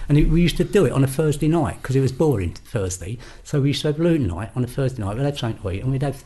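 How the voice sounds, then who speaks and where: A man's voice: mid-range voice, rapid-fire, hardly any pauses. An older man with a London accent, a podcast guest telling stories in casual chat and acting out the voices of the people he quotes. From England. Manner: animated, acts out quoted voices.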